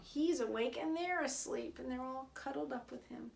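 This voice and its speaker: A woman reading a picture book aloud to children in an expressive, sing-song way. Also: high-pitched, a little slow, vocal fry, hardly any pauses, a little hiss or hum. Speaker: storyteller.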